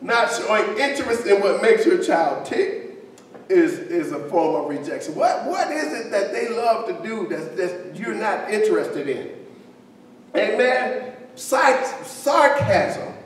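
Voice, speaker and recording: Slow-preaching man in an echoey hall. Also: sits high, very animated. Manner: conversational preaching with asides to the congregation. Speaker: pastor. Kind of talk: sermon. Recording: echoey hall, distant mic, faint hiss.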